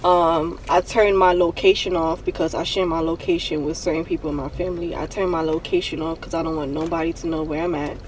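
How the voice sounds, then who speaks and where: A young woman on the edge of tears talks into her phone from a parked car, halting and repeating herself as she vents. Her voice sits a little back from the mic, with a faint hum of road and cabin noise underneath. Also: sits low, little pitch movement, far from the mic. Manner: raw, halting, repeats herself while venting. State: emotional, near tears. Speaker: vlogger. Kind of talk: emotional confessional vlog.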